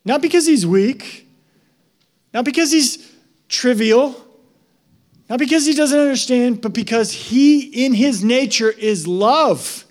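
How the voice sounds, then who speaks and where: A male pastor preaching a sermon in a conversational, emphatic way that rises to loud excitement. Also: very high-pitched, takes it slowly, pauses often.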